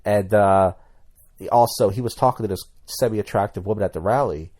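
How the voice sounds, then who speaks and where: Man, low pitch, mellow dark tone, blunt rambling vlog commentary. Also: a little fast. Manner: rambling, blunt, many restarts. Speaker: YouTuber.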